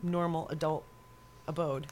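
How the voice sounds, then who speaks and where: A woman's voice: low voice, fairly even intonation, unhurried, darkish tone. A woman from New York, a photographer guest in a casual chat, talking in a wry, sarcastic way and laughing often.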